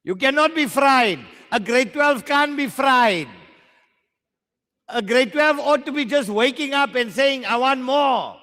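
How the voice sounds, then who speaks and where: High, lively South African man teaching. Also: a little slow, big-room sound. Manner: joking, slangy banter with learners. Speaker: maths teacher. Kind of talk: live exam workshop lesson.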